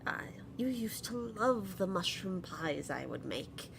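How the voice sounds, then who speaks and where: A woman's voice: medium pitch, very animated, slow pace, gravelly, noisy background, full character voice. A woman putting on a sweet old goblin granny. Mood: gentle. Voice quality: soft, sweet voice.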